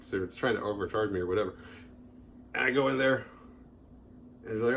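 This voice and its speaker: A man ranting casually about his day as the host of a horror movie review show, sarcastic and animated, swearing freely and mocking people in exaggerated voices. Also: fairly low pitch, fast talker, gravelly, pauses often, a little hiss or hum.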